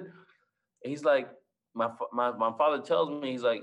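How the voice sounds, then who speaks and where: Energetic young man telling motivational stories. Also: mid-range voice, a little slow, pauses often. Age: 20s. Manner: energetic, repeats phrases, asks the audience "right?". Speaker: guest speaker. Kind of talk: motivational storytelling.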